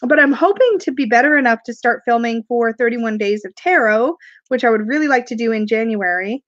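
A woman's voice: high-pitched, fairly bright tone, no echo, highs cut off. A woman with a cough chatting on a live stream, rambling, laughing and reading viewer comments aloud while she unboxes. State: has a cough, sucking cough drops. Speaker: tarot video creator doing a live unboxing. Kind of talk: casual live-stream chat.

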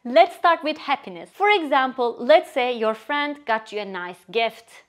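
A woman teaching a language lesson in a scripted, expressive way, acting out short example phrases. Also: high voice, measured pace. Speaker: Turkish teacher.

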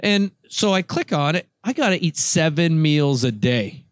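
Animated man, dry close sound. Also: on the high side, unhurried, no echo. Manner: animated, self-mocking storyteller who laughs often. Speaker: podcast host. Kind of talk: casual chat.

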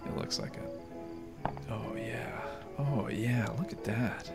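Gamer guy, gravelly, snarky running commentary over loud game music. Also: medium pitch, animated, slow pace, pauses often. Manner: sarcastic, talks back at game characters. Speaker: gaming YouTuber. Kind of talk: let's play commentary.

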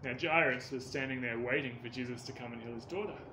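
A man narrating a children's story in an earnest, expressive way, lifting his voice on key words. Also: medium pitch, fast talker, background noise. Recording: echoey room.

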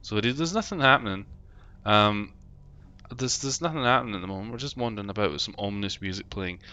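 Talking a little fast, a London man streams a game over its music, rambling, joking, swearing casually and reading chat messages. His fairly low voice is smooth yet pushed and bright, and the sound is lo-fi.

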